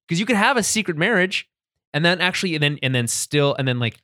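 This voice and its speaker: A man's voice: fairly high pitch, lively intonation, fast talker, sharp tone, no echo, clean studio sound. A man co-hosting a podcast, chatting casually about a TV episode, laughing often and restarting sentences. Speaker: podcast co-host. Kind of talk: casual chat recapping a TV episode.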